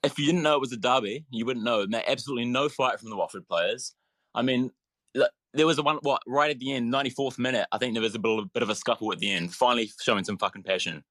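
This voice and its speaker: A man's voice: mid-range voice, fairly bright tone, no room sound. A man from New Zealand calling in late at night, exasperated about his team and repeating "mate". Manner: fast, exasperated, keeps saying mate. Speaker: caller. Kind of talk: casual phone-in.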